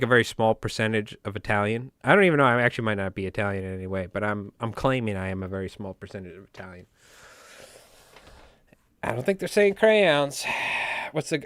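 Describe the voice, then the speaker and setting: Joking New York man, smooth voice. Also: medium pitch, fairly bright tone, dry recording, studio quality. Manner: rambling, joking, talks nonstop. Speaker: livestream host. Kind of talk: casual livestream chat.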